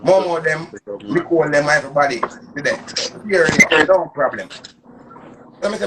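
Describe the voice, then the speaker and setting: A man's voice: on the high side, moderate pace, pauses often, very noisy. A man in his thirties with a Jamaican Patois accent, ranting on a casual live stream in an emphatic, repetitive, boastful way. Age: 30s.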